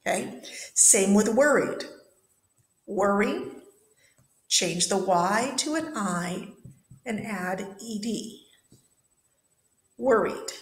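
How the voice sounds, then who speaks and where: A woman's voice: medium pitch, animated, extremely slow, pauses often, reverberant, poor audio. A woman teaching an English grammar lesson in a classroom, patiently repeating and spelling out words. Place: classroom with whiteboard.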